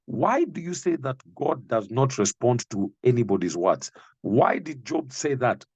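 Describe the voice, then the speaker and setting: A man preaching a sermon, reading and explaining Bible verses slowly and emphatically, speaking directly to the listener. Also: medium pitch, darkish tone, husky, dry recording, muffled recording.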